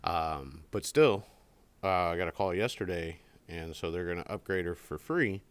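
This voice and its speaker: A man co-hosting a casual podcast tells a long, rambling story, acting out the voices of the people in it. His low voice is smooth and moderately paced, with no room sound.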